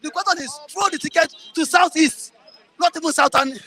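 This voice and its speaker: High forceful Nigerian man arguing. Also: moderate pace. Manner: forceful, talks over others, repeats himself. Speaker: interviewee. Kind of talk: heated political argument.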